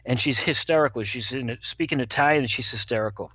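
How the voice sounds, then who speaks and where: An older man, a pediatrician, telling funny stories in an animated way and acting out the people in them. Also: medium pitch, fast talker, slightly rough, no room sound. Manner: animated, acts out other people's voices, laughs at his own stories. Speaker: guest, pediatrician. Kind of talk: anecdotal storytelling.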